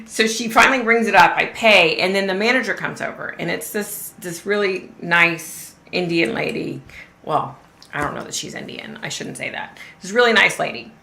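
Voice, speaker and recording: A woman's voice: lowish voice, normal speed, gravelly, sharp tone. A middle-aged woman hosting a live stream, telling a story in a casual, chatty way, swearing freely and laughing often. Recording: roomy echo.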